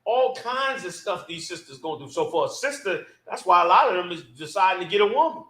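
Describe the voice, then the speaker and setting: Man hosting, high voice, bright, casual, many fillers, echoey room. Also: lively intonation, brisk. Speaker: host. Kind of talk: casual panel discussion.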